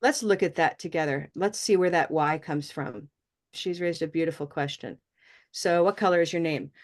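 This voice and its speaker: A woman teaching English pronunciation in a class, encouraging and modeling sounds slowly and repeating them. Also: low voice. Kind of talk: online class instruction.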